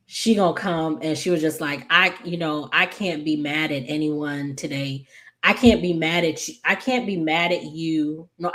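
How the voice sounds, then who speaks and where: A woman's voice: sits low, fairly bright tone. A woman casually recapping a soap opera episode, rambling with many fillers and self-corrections and talking back to the characters. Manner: opinionated, talks back to the characters.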